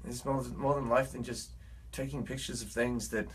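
Husky man with a put-on British accent. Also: mid-range voice, steady tone, normal speed. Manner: rambling, earnest and preachy. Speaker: musician. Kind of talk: casual vlog monologue.

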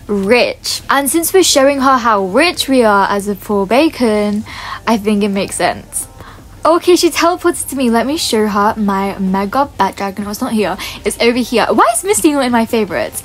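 A young woman giving casual game commentary to her viewers, chatty and excitable, often gasping and gushing as she talks. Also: a little high. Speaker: gaming YouTuber.

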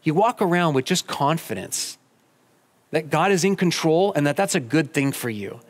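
Animated man telling a sermon story. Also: fairly high pitch, moderate pace. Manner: animated storytelling, acts out both sides of conversations. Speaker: pastor. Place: church auditorium.

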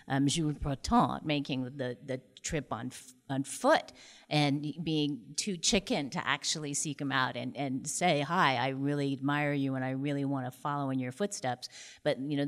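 Low-voiced woman hosting a museum talk. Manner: chatty, hesitant, many fillers and restarts. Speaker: museum lecture host. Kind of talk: Q&A discussion after a lecture.

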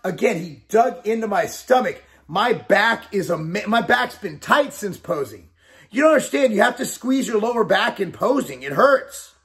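A man's voice: sits high, expressive, moderate pace, fairly bright tone. A man in his forties talking straight to camera in a casual vlog, blunt and emphatic, swearing and repeating his points. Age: 40s. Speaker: fitness company owner and bodybuilder.

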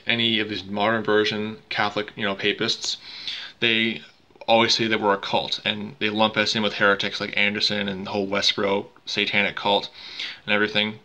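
A man's voice: fairly low pitch, pushed and bright, rough recording. A man hosting a commentary vlog, arguing dismissively and stumbling over repeated words. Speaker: channel host and commentator.

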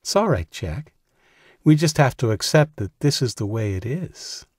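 A man voicing a young woman in an audiobook, pitching up into a soft, coy tone that turns shrill and pleading. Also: big pitch swings, normal speed, slightly rough, no room sound, clean studio sound. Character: young woman, sly and desperate, feigning submission.

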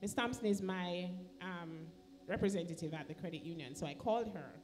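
A woman's voice: fairly low pitch, brisk, darkish tone, a little hiss or hum. A woman with a Jamaican accent giving an emotional personal testimony in church, acting out the voices of the people in her story. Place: church sanctuary.

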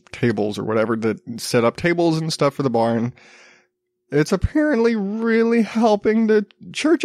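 A man in his thirties hosting a solo podcast, chatting casually and rambling with frequent restarts. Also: high voice. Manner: rambling, self-interrupting with restarts. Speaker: podcast host.

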